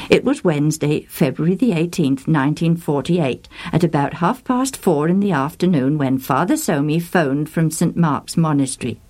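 A woman narrating a story in a measured storytelling manner. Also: low voice, animated, a little mellow, faint music behind. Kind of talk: reading a story aloud.

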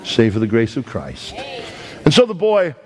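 A middle-aged man preaching a sermon, telling a story with dramatic swings between loud emphasis and hushed, slow lines. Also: medium pitch, wildly swooping pitch. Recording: long hall reverb.

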